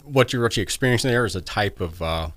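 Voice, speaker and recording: A man guest explaining cybersecurity advice in a measured way with many fillers. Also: lowish voice, lively intonation, fairly bright tone, no room sound. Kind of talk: explaining in an interview.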